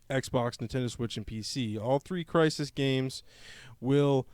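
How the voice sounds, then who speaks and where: A man's voice: medium pitch, unhurried, hardly any pauses, darkish tone, clean tone, no room sound. Casual man reading gaming news. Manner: reads news aloud, then jokes around in an infomercial tone. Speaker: podcast co-host. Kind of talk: casual gaming podcast chat.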